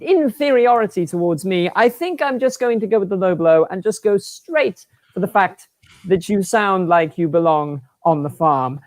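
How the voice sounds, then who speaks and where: A woman's voice: mid-range voice, no room sound, close to an everyday voice. A woman putting on a haughty, holier-than-thou snob, delivering a condescending comedy insult. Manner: pompous, drawn-out, condescending.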